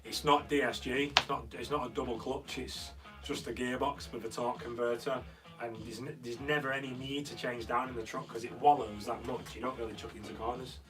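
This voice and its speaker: A young man hosting a relaxed live stream, rambling through stories and reading out viewer comments as he answers them. He sits a bit back from the microphone, and faint guitar music plays in the background of the room. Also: medium pitch, fairly quick. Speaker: host. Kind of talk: casual live-stream chat. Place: converted recording studio room. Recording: slightly distant mic with faint guitar music.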